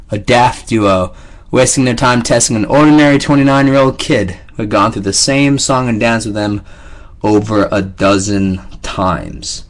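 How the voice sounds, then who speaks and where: A man narrating a first-person novel in a sardonic, wry tone. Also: mid-range voice. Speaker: audiobook narrator.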